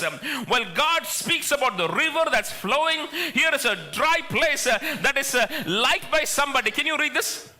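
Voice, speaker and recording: A man's voice: very high-pitched, expressive, moderate pace, bright, forceful tone. A man pastor preaching a conversational sermon in a church, asking the congregation questions. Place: church sanctuary.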